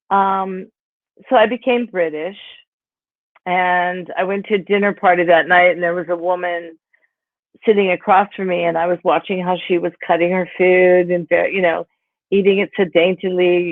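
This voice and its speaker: A woman's voice: on the low side, no room sound. A woman in her sixties from Pennsylvania, an author telling stories about her life in a rambling, casual way, full of "you know" and "like". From Pennsylvania, USA. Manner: rambling, filler-heavy, with frequent "you know" and "like". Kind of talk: casual conversational storytelling. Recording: tinny phone-like call audio.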